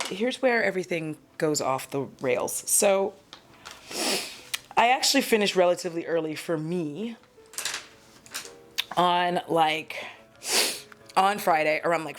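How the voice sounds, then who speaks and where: A woman doing a casual get-ready-with-me vlog, talking in a chatty, rambling, candid, self-deprecating way while she does her makeup at home. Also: low voice. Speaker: beauty vlogger.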